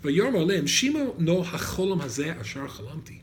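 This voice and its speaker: Brisk and sing-song, with a fairly high pitch, a male rabbi delivers an animated Torah lesson to students. He reads out Hebrew verses, translates them and asks the room questions. The room echoes, and there's faint noise behind him.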